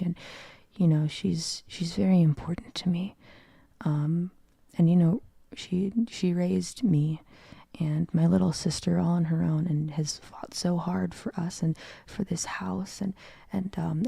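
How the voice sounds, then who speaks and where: Woman, whispered storytelling, very husky, gravelly, lowish pitch, dry close sound. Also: mellow, no room sound. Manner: whispered, rambling with restarts. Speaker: streamer. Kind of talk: late-night whispered storytelling.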